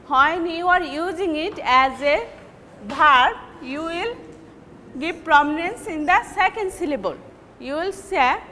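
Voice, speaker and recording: A woman teacher with a Bangladeshi accent giving a recorded English lecture, repeating and stressing example words deliberately. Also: extremely high pitch, bright, forceful tone, in a large hall, slight background noise.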